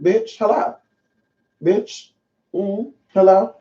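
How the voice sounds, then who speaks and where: A woman's voice: medium pitch, slow, dark tone, lo-fi sound. A woman hosting a livestream from home as a spiritual teacher. She talks in a casual, sassy and emphatic way and swears freely.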